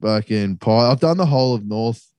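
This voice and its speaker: A man's voice: medium pitch, expressive, normal speed, a little mellow, no room sound. A young Australian man telling a travel story in casual, sweary chat. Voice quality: sweary, laid-back storytelling.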